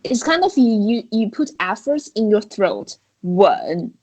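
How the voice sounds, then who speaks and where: A woman's voice: a little high, lively intonation, normal speed, darkish tone, husky, poor audio. A woman with a Chinese accent teaching a beginner Chinese tones in an online lesson, explaining patiently step by step. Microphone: video call.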